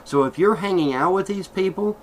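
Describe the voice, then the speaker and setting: A man's voice: high voice, brisk, a little hiss or hum, rough recording. A middle-aged man vlogging an aggrieved, heated rant, swearing and repeating himself as he airs his complaints. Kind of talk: angry vlog rant.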